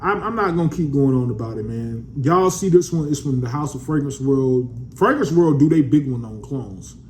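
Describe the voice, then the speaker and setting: A man's voice: mid-range voice, lively intonation, normal speed, a little mellow, a little hiss or hum. A man in a casual vlog reviewing a fragrance, laid-back and slangy, calling his viewers family.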